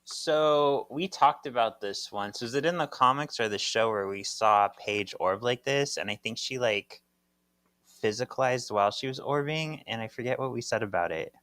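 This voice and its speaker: Male podcast co-host, even middle pitch, dry close mic, calm narrator of the recap. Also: normal speed, dry recording. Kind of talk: casual recap chat.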